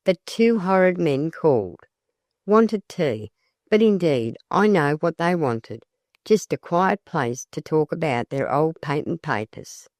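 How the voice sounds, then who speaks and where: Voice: mid-range voice, lively intonation, takes it slowly, darkish tone, no room sound, clean studio sound. An audiobook narrator voicing a gushing, hospitable young tea-room hostess who chatters effusively.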